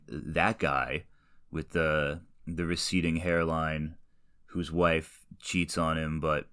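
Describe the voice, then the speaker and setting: A man's voice: sits low, fairly bright tone, smooth. A man in his late twenties, a podcast host rambling through a casual, self-deprecating solo monologue full of tangents.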